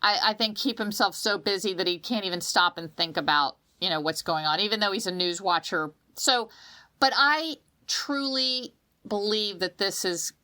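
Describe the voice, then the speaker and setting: A woman's voice: medium pitch, moderate pace. A woman co-hosting a podcast in casual chat, telling stories expressively with frequent restarts. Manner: expressive, restarts often, animated storytelling. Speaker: podcast co-host.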